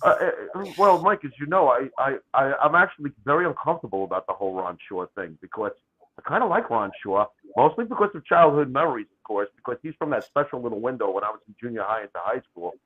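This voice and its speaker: A man's voice: medium pitch, very animated, fast talker, husky. A man appearing as a guest on a podcast over a call, joking in a theatrical, casual way. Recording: tinny phone-like call line.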